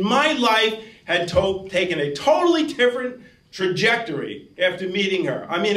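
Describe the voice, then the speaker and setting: A middle-aged man with a New York accent tells a true story on stage, earnest and lively as he slips into the voices of the people he remembers. His voice sits fairly high. The sound comes from a distance in an echoey hall. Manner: earnest, acts out quoted voices. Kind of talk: live storytelling. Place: live event hall.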